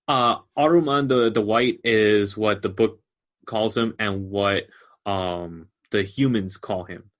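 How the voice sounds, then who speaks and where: A man on a podcast with a somewhat low voice, talking casually. He gets animated explaining background lore in long, loose stretches. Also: slow. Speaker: podcast co-host. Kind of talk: casual chat.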